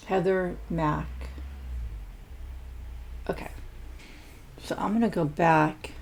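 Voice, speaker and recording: Female food-channel host, casual and chatty, low-pitched with a gravelly edge. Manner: chatty, many fillers and restarts. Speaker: mukbang host. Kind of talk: casual chat reading viewer shout-outs.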